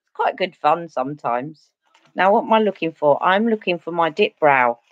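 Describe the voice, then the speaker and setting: A woman's voice: lowish voice, expressive, normal speed, dry recording, muffled recording. A Cockney woman from East London, a beauty vlogger chatting casually and rambling through stories while doing her makeup on a livestream.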